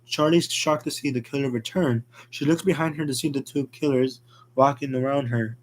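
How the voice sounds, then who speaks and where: A man's voice: medium pitch, steady tone, normal speed, slight background noise. Man narrating a fan story plainly.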